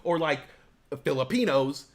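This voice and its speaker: A man hosting a live talk stream, chatting casually in a rambling, excitable, profane way. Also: on the high side, unhurried, crowd noise. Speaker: talk show host. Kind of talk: casual chat.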